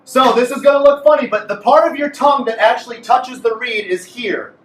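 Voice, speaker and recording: A man's voice: very high voice, normal speed, hardly any pauses, a bit bright, slight background noise. A man teaching a beginners' clarinet class, coaching and joking with his students. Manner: playful, coaching a class aloud. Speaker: music teacher. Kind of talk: group clarinet lesson. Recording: echoey room from far off.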